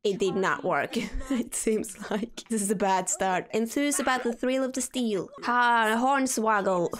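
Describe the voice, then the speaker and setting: A woman hosting a gaming channel, giving casual, expressive commentary as she plays a life-simulation game and talks to her characters. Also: medium pitch, unhurried.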